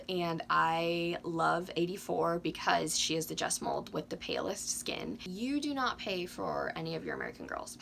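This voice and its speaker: A woman in her twenties chatting casually to camera with lots of ums, a little hoarse from losing her voice. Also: lowish voice, a little hiss or hum. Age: 20s. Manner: chatty, frequent ums, candid. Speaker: doll collecting YouTuber.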